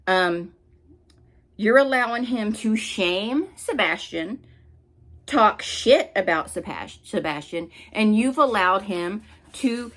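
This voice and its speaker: A woman's voice: mid-range voice, lively intonation, unhurried, a bit bright. A woman hosting a commentary channel, delivering an angry, scolding rant with blunt swearing.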